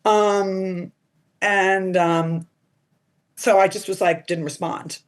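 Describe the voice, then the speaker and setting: Chatty woman telling animated stories. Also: mid-range voice, slow pace. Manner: animated, quotes people in put-on voices, lots of "like". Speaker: podcast guest. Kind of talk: casual storytelling interview.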